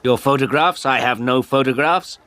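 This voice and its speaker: Male reader doing a sharp, unfriendly woman in a storybook, clipped lines. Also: mid-range voice, normal speed, pitched above the performer's own voice, natural voice. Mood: curt. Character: curt, unfriendly woman at a door.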